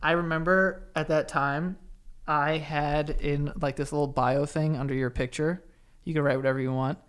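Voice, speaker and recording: A man's voice: on the high side, level tone, moderate pace, a bit bright, smooth. A young man co-hosting a podcast in casual, profane chat that rambles and keeps restarting its sentences. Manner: rambling, profane, self-interrupting. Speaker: podcast co-host.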